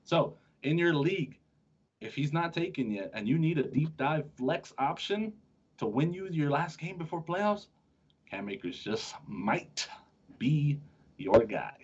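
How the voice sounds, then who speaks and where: A man's voice: a little high, animated, a little slow, darkish tone, husky. A man hosting a sports podcast, chatting casually and joking with his co-host, often restarting his sentences. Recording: dull lo-fi sound.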